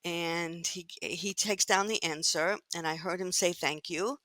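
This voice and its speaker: Bright-voiced woman in her sixties telling stories. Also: fairly low pitch, unhurried, no room sound. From United States. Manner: animated storyteller who acts out quoted voices. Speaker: guest, longtime magazine editor. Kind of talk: storytelling in an interview.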